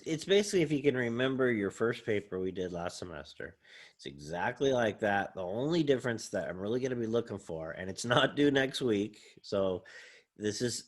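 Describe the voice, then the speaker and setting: Man, college professor, recorded online lecture, casual, rambling, thinks aloud, lowish voice.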